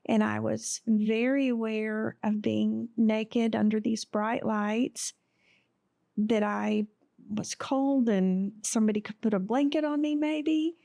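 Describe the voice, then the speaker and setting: Gravelly woman telling her story slowly. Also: on the high side, fairly even intonation, dark tone, dry recording, studio quality. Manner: halting and emotional, with many pauses and fillers. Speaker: podcast guest. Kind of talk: telling a personal story in an interview.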